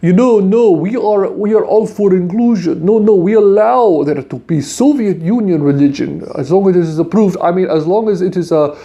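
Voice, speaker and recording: A man putting on the voice of a Soviet-era male church spokesman who smoothly denies persecution, in a mocking, higher voice. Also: moderate pace, few pauses, dark tone, dull audio.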